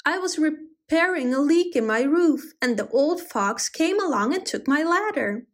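A fussy goat gentleman from a storybook bleats and cries out for help, as a woman puts him on. The voice is high and raised, well above ordinary talk. He sounds flustered. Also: animated, a little slow. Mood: anxious. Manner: bleating, crying out.

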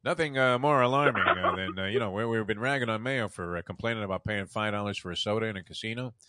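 A man's voice: on the low side, fast, bright, forceful tone, slight background noise. A man hosting a sports talk show, telling rambling, wry anecdotes with lots of fillers. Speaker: show host.

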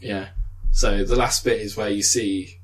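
A young man chatting casually, retelling a film with lively swearing and laughter. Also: fairly low pitch, a little slow, poor audio. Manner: animated storytelling with swearing and laughs. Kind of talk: casual chat.

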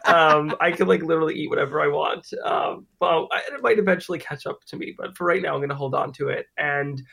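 A man's voice: fairly high pitch, steady tone, fast, creaky, pushed and bright. A young man in his late teens with an American accent, a guest chatting casually on a podcast with lots of fillers. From New Jersey, US. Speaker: guest cook.

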